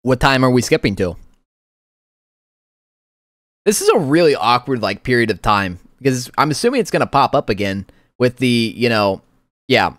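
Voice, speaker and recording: A man's voice: medium pitch, sing-song, a little fast, fairly bright tone, dry recording. A man giving casual let's play commentary on a horror game, rambling with laughing asides. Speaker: gaming YouTuber.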